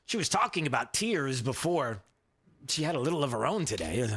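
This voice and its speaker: A man hosting a talk radio show, giving opinionated commentary in a mocking tone, often halting with fillers. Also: mid-range voice, sing-song, fairly bright tone, slightly rough.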